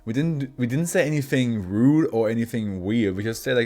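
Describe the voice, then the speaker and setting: Faint music sits behind a Swiss German-speaking host from Switzerland as he reads horror fiction files aloud. His voice is medium in pitch, a little mellow and moderately paced, and he keeps pausing for rambling chat and frequent laughter.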